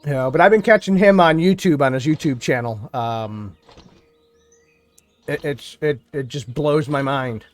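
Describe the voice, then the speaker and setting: Speaking a little slowly in a mid-range voice, a New York State gaming streamer thinks aloud and rambles through casual chat while playing live. Faint music can be heard in the background.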